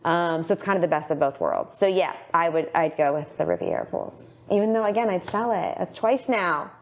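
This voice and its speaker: A woman chatting as a podcast guest, telling stories in a rambling, animated way with lots of fillers and restarts. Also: fairly low pitch, a little fast. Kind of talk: casual interview chat.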